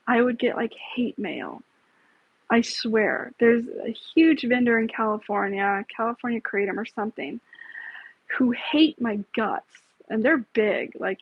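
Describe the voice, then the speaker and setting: A woman's voice: a little high, slightly rough, dry recording. A woman hosting a casual live stream, talking bluntly, with frequent swearing and rambling asides. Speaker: livestream host. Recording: tinny phone-like, dry sound.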